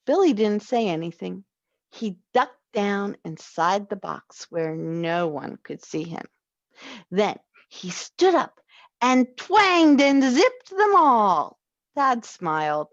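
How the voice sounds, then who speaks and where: A woman reading a children's story aloud, slow and expressive. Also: mid-range voice, no room sound, lo-fi sound. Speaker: story reader.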